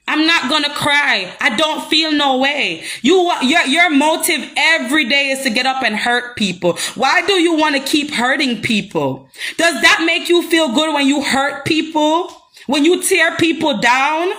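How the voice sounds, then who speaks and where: A woman's voice: high voice, expressive, measured pace, bright, forceful tone. A young Jamaican woman ranting heatedly on a live stream, confrontational and repeating herself. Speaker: social media personality.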